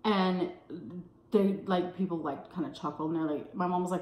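A woman in her thirties with a Texan accent, telling a story in casual vlog chat, animated and swearing freely. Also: normal speed, echoey room. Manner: animated, swears freely, acts out quotes in a high voice. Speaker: food vlogger telling a story. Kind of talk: casual storytime while eating.

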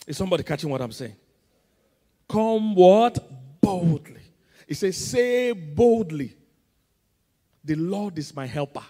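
A Nigerian man preaching from the pulpit, his voice pitched fairly high for a man. He drives his points with call-and-response, now loud, now soft. The sound carries a long reverb from a big church hall. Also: lively intonation, moderate pace, pauses often, faint music behind. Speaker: pastor. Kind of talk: sermon. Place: large church auditorium.

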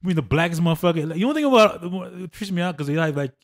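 Fast-talking excitable man, profane banter. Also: on the high side. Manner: rapid, excitable, profane, slips into Spanish. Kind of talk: casual chat.

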